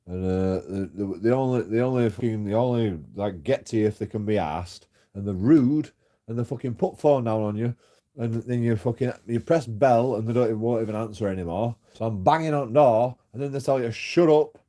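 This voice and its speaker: In his story-time vlog, a man who audits on YouTube speaks briskly in a warm, medium-pitched voice, rambling through complaints, cursing frequently and fading into mumbles.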